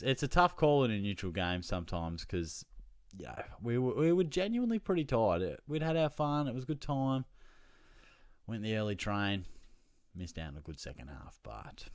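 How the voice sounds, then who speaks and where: A young Australian man hosting his own fantasy football show, telling a casual, animated story about his weekend and swearing freely along the way. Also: sits low, clear, resonant tone, no room sound, studio quality.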